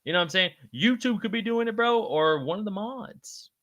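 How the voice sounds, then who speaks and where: A man's voice: moderate pace, no echo, studio quality. A man hosting a livestream, chatting casually and swearing freely as he reads and answers viewer comments by name. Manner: pitch jumps high when excited. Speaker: livestream show host.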